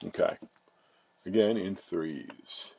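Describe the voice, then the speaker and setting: A man's voice: deep voice, big pitch swings, takes it slowly, gravelly, darkish tone, slight background noise, poor audio. A man casually chatting as he opens trading card packs, rambling and often correcting himself. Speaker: card-breaking channel host. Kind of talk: casual chat while opening card packs.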